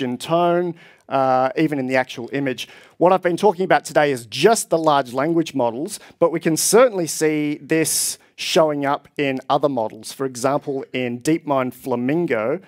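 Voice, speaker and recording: A man presenting at a tech conference, explaining with enthusiasm to a live audience. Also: mid-range voice. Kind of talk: conference talk. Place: conference hall.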